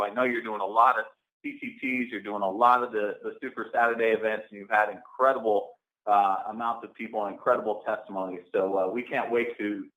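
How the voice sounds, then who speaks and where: A man hosting a phone-in conference call, energetic and full of fillers. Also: lowish voice. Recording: echoey tinny phone line.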